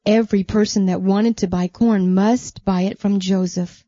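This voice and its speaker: A woman telling a Bible story to children, gently asking them questions along the way. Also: mid-range voice, fairly even intonation, moderate pace, no echo, dull audio.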